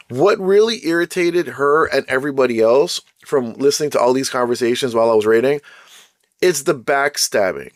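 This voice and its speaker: Casting: male host, casual slangy storyteller, mid pitch, dry close sound. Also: fairly quick, no echo. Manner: animated, slangy, acts out quoted people. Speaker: podcast host.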